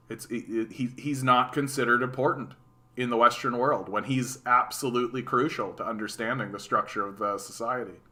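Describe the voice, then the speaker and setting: A Canadian-accented man with a mid-range voice talks at a moderate pace on a live stream, offering casual, sarcastic political commentary. He reacts to chat in an animated way, often restarting his sentences and repeating words.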